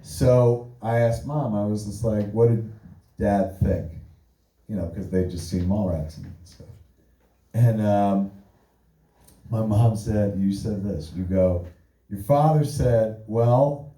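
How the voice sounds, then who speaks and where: A man hosts a live podcast onstage, spinning animated, cuss-heavy stories in a relaxed, mellow voice. The mic sits well back, and the venue echoes around him. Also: on the low side, slow pace, recorded from a distance. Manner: profane, animated storyteller. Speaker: podcast host. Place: live stage before an audience.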